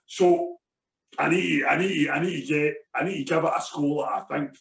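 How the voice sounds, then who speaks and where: A Scottish man chatting casually as a podcast co-host, circling back over the same phrase. His voice sits a little high for a man. He is set back from the mic in a roomy, echoing space. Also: a little fast, vocal fry, a bit bright, distant mic. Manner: chatty, repeats himself, restarts phrases. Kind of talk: casual beer review chat.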